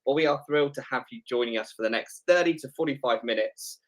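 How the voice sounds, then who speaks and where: A man's voice: mid-range voice, fast, low-quality recording. A man from Britain hosting a webinar, chatty and joking over a video call. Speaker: webinar host. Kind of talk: casual webinar chat.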